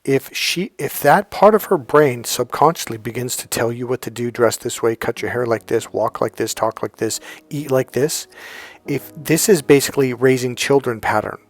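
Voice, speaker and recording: A man's voice: mid-range voice, normal speed. A middle-aged man coaching on dating, giving blunt, profane advice mixed with stories. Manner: profane, emphatic, storytelling. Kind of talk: blunt advice monologue with anecdotes.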